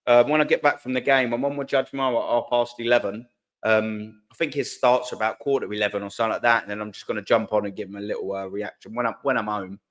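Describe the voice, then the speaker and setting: A man's voice: lowish voice, steady tone, fast, a bit bright. A young man hosting a live fan stream, chatting casually in slang and reading viewer comments aloud. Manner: laid-back, slangy, reads chat aloud.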